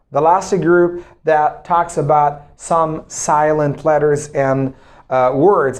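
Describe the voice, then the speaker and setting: Male English teacher, slow and repetitive pronunciation drills. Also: a little high. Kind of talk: pronunciation lesson.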